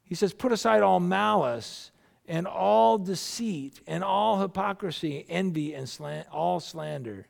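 A man's voice: high-pitched, a little slow, gravelly. A middle-aged man, a pastor, preaching a sermon in a loose, conversational storytelling way, often restarting his sentences.

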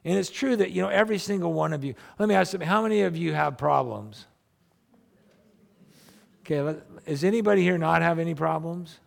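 A man's voice: fairly high pitch, fairly quick, gravelly. A man preaching a sermon to a congregation, talking animatedly and acting out people's complaints. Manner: animated, acts out quoted complaints. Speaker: pastor.

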